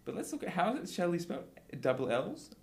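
A man's voice: sits high, gravelly. A man from Western Australia co-hosting a podcast, chatting casually and teasing his co-host. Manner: animated, teasing, quick to laugh. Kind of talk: casual chat.

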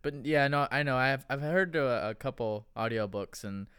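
A man's voice: medium pitch, moderate pace, a bit bright, clear, resonant tone, dry recording. A man co-hosting a podcast, chatting casually and teasing his partner with dry jokes. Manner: joking, teasing, brief backchannels. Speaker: podcast co-host. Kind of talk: casual chat.

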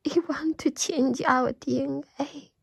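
A woman's voice: sits high, fairly even intonation, slow pace, creaky, no echo, low-quality recording. A woman giving an emotional religious testimony and prayer, tearful and pleading, often dropping to a whisper. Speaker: Christian believer giving testimony.

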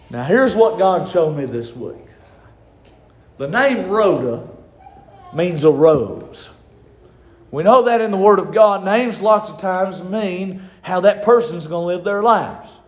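A preacher delivers an impassioned sermon in a very high voice, often rising to shouts. He sounds as though he is in an echoey room.

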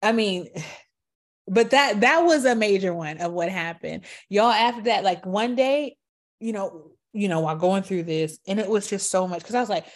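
A woman's voice: medium pitch, moderate pace. A woman giving a passionate faith testimony, calling out to her listeners and rambling through asides. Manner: preachy call-outs to listeners, animated and exclamatory; rambling with frequent fillers and asides. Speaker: Christian speaker sharing a testimony.

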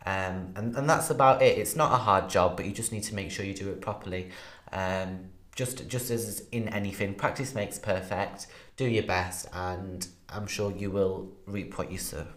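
A man's voice: sits low, normal speed. A man, a sales associate, giving cold-calling advice with many ums. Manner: steady, fairly confident, many ums. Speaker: senior sales development associate. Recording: roomy echo.

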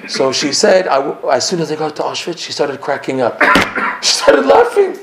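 A man gives a lesson as a rabbi before a class, his voice slightly high and full of storytelling energy. The recording is roomy and echoey, with a faint hiss underneath. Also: normal speed. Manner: animated, storytelling, laughs and asides to listeners. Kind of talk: live Torah lesson.

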